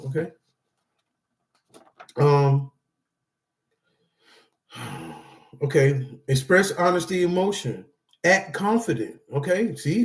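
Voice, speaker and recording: A man with a fairly high speaking voice gives motivational advice indoors, reading from his notes. He rambles loosely and keeps checking in with his listeners. His tone stays casual and encouraging throughout. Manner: loose and rambling, talks straight to viewers with frequent "all right?" and "okay?". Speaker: support group speaker.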